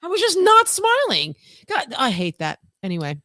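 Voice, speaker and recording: A woman's voice: high-pitched, moderate pace, no echo, studio quality. A woman co-hosting a live podcast, reading out chat and telling stories with plenty of swearing. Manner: lively, profane storytelling, reads chat aloud. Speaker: podcast co-host. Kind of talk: casual live podcast banter.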